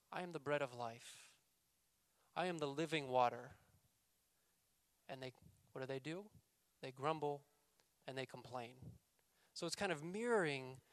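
A male pastor preaching a sermon, raising his voice for scripture quotes and dropping low and quiet for emphasis. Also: clean tone, dry recording. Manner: reads scripture quotes with raised voice, then drops to quiet emphasis.

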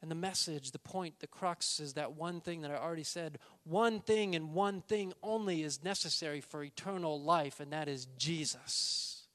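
A man preaching a sermon, emphatic, slowing down and stressing key words. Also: a little high, fairly bright tone. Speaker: pastor.

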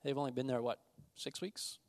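A man's voice: mid-range voice, brisk. A man, a pastor, introducing new campus missionaries in a church service with frequent fillers. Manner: warm, filler-heavy introduction. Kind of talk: church announcement.

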